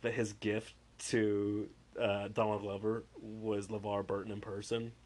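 A man, a tattoo artist, chatting casually and swearing often, excitably acting out the voices of the people in his stories. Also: fairly low pitch, measured pace. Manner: excitable, profane, acts out voices. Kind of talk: casual chat.

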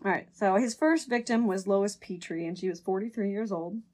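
A woman's voice: medium pitch, brisk, a little mellow. A woman hosting a podcast, chatting casually and hedging often as she tells a true crime story. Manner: rambling, hedging, laughs while telling the story. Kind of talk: casual chat.

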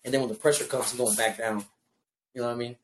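Fast-talking, profane man telling stories. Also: mid-range voice, echoey room, slight background noise. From Houston, Texas. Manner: profane, animated storytelling with many fillers. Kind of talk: casual storytelling chat.

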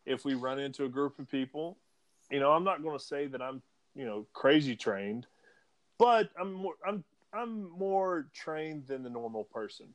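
A man's voice: fairly high pitch, expressive, moderate pace. A man co-hosting a casual podcast, joking and teasing with frequent laughs. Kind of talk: casual chat.

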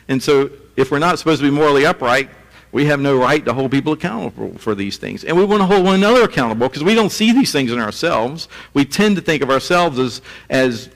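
Chatty male pastor in echoey hall. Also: medium pitch. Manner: conversational, chuckling asides. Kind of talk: sermon.

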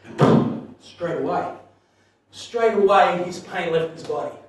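A man preaching in a big echoing hall, his voice sitting high for a man and heard from a distance off the mic. He tells his story animatedly, laughing often and dropping to a hush for the tender parts. A faint ambient hum lies underneath. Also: unhurried. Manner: animated, laughing storyteller who swings from loud to hushed. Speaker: pastor. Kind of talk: sermon storytelling.

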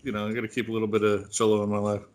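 A man's voice: on the low side, completely flat delivery, rapid-fire, a little hiss or hum. A man co-hosting a casual podcast chat, rambling with lots of fillers and frequent laughs. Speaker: podcast co-host.

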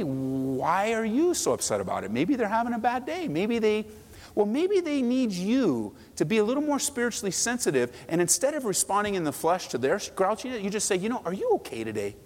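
Lively male pastor in a reverberant hall. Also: high-pitched. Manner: animated, acts out quoted voices, asks the crowd. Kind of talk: sermon. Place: church sanctuary.

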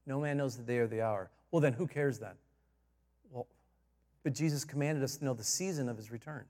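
A man preaching a sermon as pastor, swinging from low asides to loud emphatic climaxes, repeating key phrases and chuckling at his own jokes. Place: church sanctuary. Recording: long reverb of a large church.

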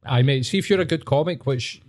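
A man's voice: medium pitch, a little fast, darkish tone. A Scottish man hosting a podcast, chatting casually and earnestly with plenty of swearing. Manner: swears freely, matey and earnest. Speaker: podcast host.

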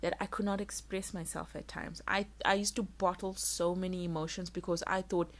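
A young woman vlogging candidly, telling an emotional personal story in quick, animated bursts. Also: lowish voice. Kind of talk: casual vlog monologue.

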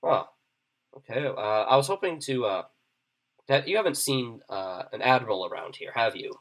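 A man voicing a wary male soldier who guards a dragon, talking in a hesitant, halting way. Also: medium pitch, expressive, a bit bright, close to an everyday voice.

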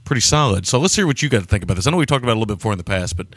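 A man hosting a laid-back film podcast, with a fairly low voice recorded dry and close. He rambles along, chuckles often and stumbles over names as he talks. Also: expressive, racing, a bit bright, dry recording. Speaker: podcast co-host. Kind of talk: casual film chat.

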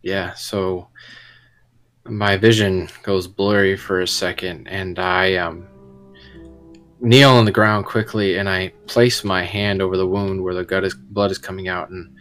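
A man's voice: low-pitched, little pitch movement, unhurried, fairly bright tone. A man playing a tabletop game, hesitantly describing his character's actions. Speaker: player.

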